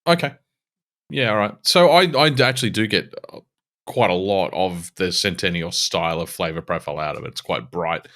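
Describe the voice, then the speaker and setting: A man's voice: deep voice, brisk, fairly bright tone. An Australian man co-hosting a casual beer podcast, swearing freely and laughing often. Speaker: podcast co-host.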